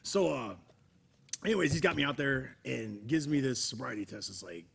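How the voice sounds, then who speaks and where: Creaky-voiced man telling stories. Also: mid-range voice, lively intonation, normal speed. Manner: rambling, laughing, restarts often. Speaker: professional wrestler guest. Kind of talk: casual storytelling among friends.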